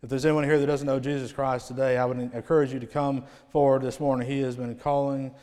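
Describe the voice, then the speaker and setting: Man preaching with swelling and hushed lines. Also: medium pitch, level tone, fast. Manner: swings from loud proclamation to hushed, dropping phrase endings. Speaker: visiting revival preacher. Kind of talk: sermon. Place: church sanctuary. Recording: long hall reverb.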